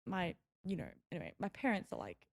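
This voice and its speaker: A woman's voice: fairly low pitch, wildly swooping pitch, fairly quick, gravelly. A young woman from Melbourne hosting a podcast, telling stories in a chatty, rambling way with lots of fillers. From Melbourne, Australia. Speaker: podcast host. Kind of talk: casual solo podcast storytelling.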